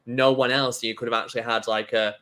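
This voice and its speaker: A man's voice: medium pitch, level tone, fast talker, bright, forceful tone. A man on a film podcast, chatting casually and rambling with many restarts. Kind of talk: casual chat.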